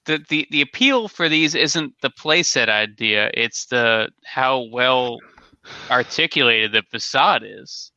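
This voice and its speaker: Bright-voiced man in casual chat. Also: medium pitch, lively intonation, slow, dry recording, muffled recording. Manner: opinionated, rambling, jokey. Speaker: co-host reviewing toy sets.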